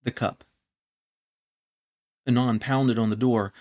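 A man narrating a scripted story in a measured, solemn reading. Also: medium pitch, animated, darkish tone.

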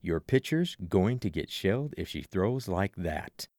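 A man doing a gruff, pushy ex-ballplayer. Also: sits low, very animated, unhurried, darkish tone, no echo, clean studio sound, voice pushed down, exaggerated voice. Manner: gruff, insistent. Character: pushy stocky male ex-ballplayer, middle-aged. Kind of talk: audiobook character voice.

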